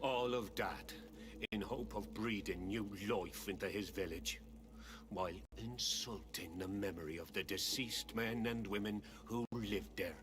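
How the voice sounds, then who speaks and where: An actor playing a proud, hostile village chief in a fantasy video game, with a Welsh-tinged lilt and a stern, scornful manner. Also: male voice, fairly low pitch, close to an everyday voice. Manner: stern, scornful, slow and deliberate.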